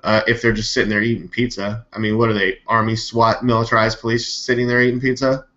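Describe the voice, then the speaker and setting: A man hosting a live news stream, talking in a rambling, animated, skeptical way and swearing now and then. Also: mid-range voice, quick pace. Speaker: live news show host. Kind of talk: casual live-stream commentary. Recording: dull lo-fi webcam audio.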